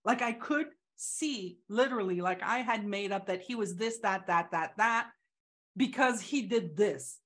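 A woman in casual, reflective conversation, talking haltingly with many restarts and acting out the voices she quotes. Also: medium pitch, a bit bright.

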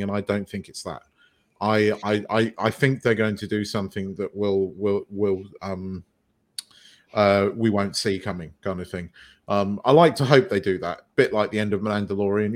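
A man talking as a podcast guest in casual chat, hesitant and full of fillers. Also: fairly low pitch.

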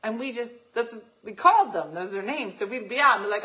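A woman hosting a morning show, telling lively family stories with frequent laughter. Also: fairly high pitch, quick pace, low-quality recording. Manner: animated and laughing, acts out voices in anecdotes. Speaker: radio show host. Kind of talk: casual chat, storytelling.

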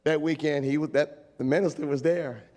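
A man preaching a lively storytelling sermon, shouting and laughing as he acts out the story. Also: on the high side, normal speed. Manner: animated, shouting and laughing while acting out a story. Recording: long echo of a large hall.

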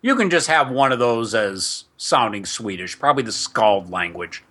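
A man's voice: on the low side, expressive, normal speed, pushed and bright, slightly rough. A man hosting a tabletop game podcast, chatting in a rambling way with asides to listeners and reading setting text aloud. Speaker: podcast host and game master.

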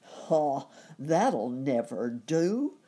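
A woman's voice: low-pitched, lively intonation, unhurried, mellow, husky, exaggerated voice. A woman voicing a boastful big male elephant in a storybook, speaking emphatically.

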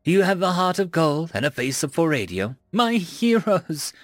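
A man's voice: on the high side, very animated, normal speed, dry recording, clean studio sound, pitched above the performer's own voice. A man voicing a scheming, childish female dungeon pixie with a sugary, mocking, fake-innocent way of talking. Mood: sugary pleading.

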